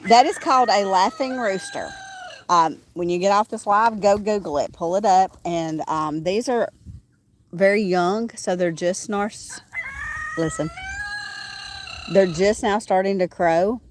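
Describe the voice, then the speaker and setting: Livestreaming outdoors from her small farm, a woman rambles casually with lots of "um" fillers, her mid-range voice at a measured pace. Roosters crow and farm animals are heard, and there's a little hiss or hum in the recording.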